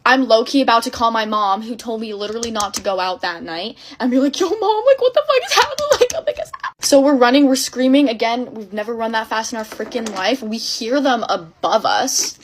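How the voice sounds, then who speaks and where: A woman's voice: a little high, slight background noise. A young woman tells a wild personal story in a casual, dramatic way, packed with fillers. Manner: breathless, dramatic retelling full of fillers.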